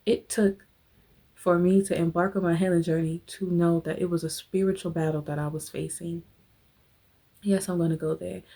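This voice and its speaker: A woman's voice: lowish voice, a little mellow. Emphatic woman host giving a motivational talk. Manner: emphatic, preacher-like, addresses listeners as honey and y'all; guides listeners through a visualization.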